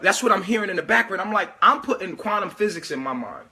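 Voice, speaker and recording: A man speaking in a casual, preachy vlogging monologue, animated and swearing often as he lectures his viewers. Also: sits high, quick pace, husky.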